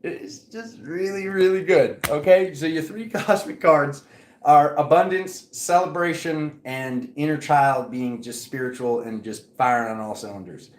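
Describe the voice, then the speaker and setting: A man giving a casual tarot reading to his viewers, chatty and animated, often checking in with "okay?". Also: a little high, unhurried, echoey room. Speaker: tarot reader.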